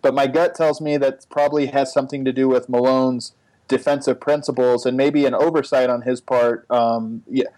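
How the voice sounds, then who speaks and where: A man's voice: mid-range voice, fairly even intonation, moderate pace, dark tone, dry recording, poor audio. A man co-hosting a basketball podcast, giving casual analysis and thinking aloud with frequent restarts. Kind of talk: casual sports analysis chat.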